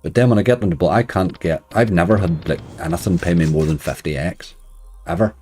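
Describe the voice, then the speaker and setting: With a low voice and a slightly fast delivery, a man chats on a live stream as he plays, soft music in the background. He says hello to viewers and makes dry jokes, letting out soft laughs at his own comments.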